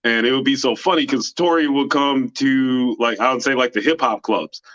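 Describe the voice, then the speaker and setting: A man's voice: medium pitch, moderate pace. A man who is a standup comic, telling stories in casual chat and laughing often. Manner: animated storyteller, laughs often. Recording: dull lo-fi sound.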